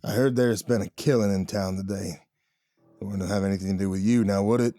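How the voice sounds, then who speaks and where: A man's voice: lowish voice, fairly even intonation, fairly quick, dark tone, dry recording, soft background music, close to an everyday voice. A man voicing a big, tough cowboy guard who talks bluntly and suspiciously.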